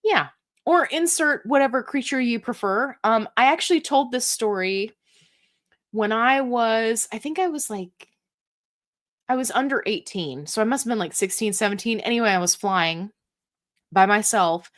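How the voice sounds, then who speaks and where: A woman's voice: fairly high pitch, normal speed. A woman hosting a live question-and-answer stream, reading viewer comments and answering in a chatty, upbeat way with playful asides.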